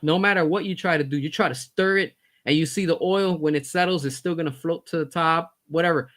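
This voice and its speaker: A man with a somewhat high voice delivers a heated, blunt rant. He swears freely and repeats phrases to drive his point home. His fed-up tone stays intense throughout. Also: fairly quick, fairly bright tone. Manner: fired-up, blunt, swearing, repeats himself for emphasis. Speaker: commentary host.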